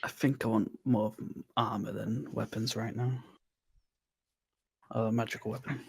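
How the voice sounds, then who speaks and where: A man at a tabletop game, easygoing and unhurried. His voice is raspy with a gravelly texture, and the sound is dry. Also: on the low side, level tone, dry recording. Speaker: player.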